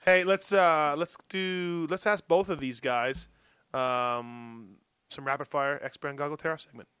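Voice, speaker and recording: A man hosting a casual radio talk show, joking and running a quick-fire timed segment. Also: on the high side, steady tone, pushed and bright, a little hiss or hum. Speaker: podcast host.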